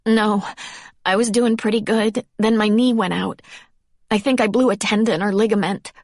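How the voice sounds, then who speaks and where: A woman's voice: medium pitch, steady tone, moderate pace, a little mellow, no echo, studio quality, voice pushed up, lightly acted. A woman narrator voicing an injured young woman skier who stays spirited and wry. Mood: pained pleading.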